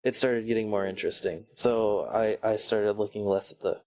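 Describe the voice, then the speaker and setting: A man's voice: on the low side, fairly even intonation, moderate pace, a little mellow. A man chatting on a casual podcast, hesitant and searching for words. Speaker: podcast panelist. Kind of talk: casual chat.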